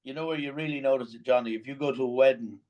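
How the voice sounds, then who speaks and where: A man's voice: mid-range voice, very fast, a little mellow, dull audio. An Irish man from Ireland, a guest chatting casually over a remote call, reflective and heavy on "you know" fillers. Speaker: podcast guest. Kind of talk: casual chat.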